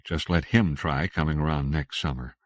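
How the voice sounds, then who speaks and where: A man's voice: rumbling low, fairly even intonation, normal speed, dry recording, studio quality. A man voicing a polite middle-aged wife who talks with strained, placating patience. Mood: patient.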